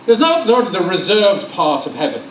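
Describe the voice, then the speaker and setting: A man preaching a lively sermon in a church hall, joking and acting out conversations in different voices. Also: high-pitched, normal speed, very noisy. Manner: animated, joking, acts out dialogue. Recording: roomy hall sound, mic at a distance.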